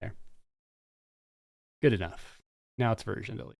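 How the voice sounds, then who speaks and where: A man's voice: on the low side, measured pace, gravelly, a little mellow, no echo. A man live-streaming his coding work, talking casually and thinking aloud with muttered asides. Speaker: streamer and game developer.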